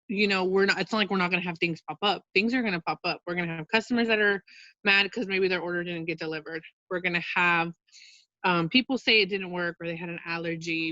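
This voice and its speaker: Heard on a video call with dull, lo-fi sound, this woman's low-leaning voice is bright and forceful, and the recording is dry. She's giving her sales team a relaxed, upbeat training talk, chatting away with plenty of fillers and "you guys."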